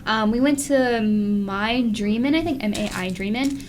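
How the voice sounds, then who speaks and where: A woman's voice: medium pitch, a little slow, slight background noise. A young woman co-hosting a podcast, chatting casually about a trip and filling her speech with "like". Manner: chatty, lots of "like", mimics people in quotes. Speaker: podcast co-host. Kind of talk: casual chat recounting a trip.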